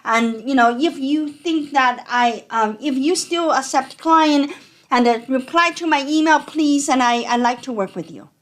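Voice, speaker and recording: A woman's voice: high-pitched, unhurried. A woman doing a sugary polite scammer. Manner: sweet, polite, eager. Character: overly polite scammer posing as a new client.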